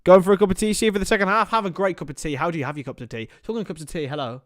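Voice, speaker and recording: A man's voice: high-pitched, very fast, no room sound, studio quality. A young man hosting a casual football watchalong stream, joking and chatting to viewers as lads. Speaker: livestream host.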